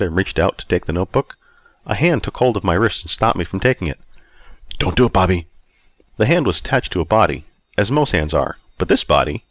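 A man's voice: lowish voice, no room sound. A man narrating a first-person story aloud in a wry, self-mocking way. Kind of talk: audiobook reading.

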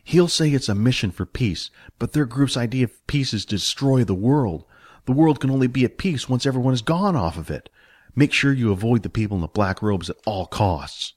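A man voicing Jack, a cheerful streetwise young man, in a brighter, higher voice than his narration. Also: moderate pace, dry recording, clean studio sound, lightly acted. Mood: reassuring. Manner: reassuring, lively, higher-pitched.

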